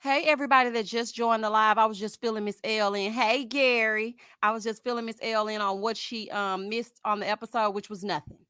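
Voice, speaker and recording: A woman's voice: a little high, fairly quick, few pauses, clear, resonant tone, no echo, studio quality. A woman hosting a live stream, chatting casually and sassily with her viewers, calling them honey and laughing at her own jokes. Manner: sassy and expressive, addressing viewers as honey and y'all. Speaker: host of a live reality-TV review stream.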